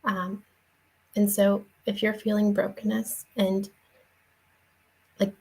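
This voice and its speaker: Heard on a low-quality recording, a young woman with a creaky, mid-range voice gives a casual, earnest devotional talk. As a faith vlogger and parent she tells a personal story conversationally, stumbling through many fillers and restarts.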